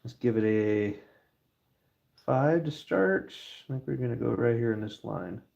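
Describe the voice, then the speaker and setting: A man's voice: medium pitch, lively intonation, measured pace, creaky, darkish tone, muffled recording, a little hiss or hum. A middle-aged man chatting casually to camera while stamping a silver bar, joking and talking to his dog as he works.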